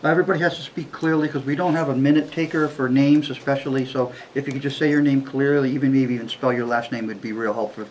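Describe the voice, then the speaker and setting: A man's voice: medium pitch, steady tone, fast, few pauses, darkish tone, slight background noise, low-quality recording. A man chairing a public hearing, giving polite procedural instructions to the audience. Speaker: meeting chair.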